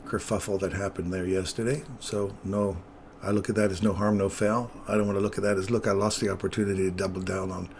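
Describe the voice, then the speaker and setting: A man's voice: low voice, creaky, darkish tone, a little hiss or hum. A man giving casual live commentary on his market trades, chatting with viewers as he works through the charts. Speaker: trading streamer.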